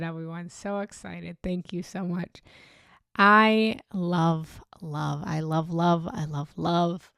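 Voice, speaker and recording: A woman's voice: lowish voice, fairly even intonation, slow, creaky, a bit bright, clear, resonant tone, no room sound, studio quality. A young woman hosting a live stream as a meditation teacher, gushing and effusive, repeating her greetings over and over. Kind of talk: live-stream chat and talk.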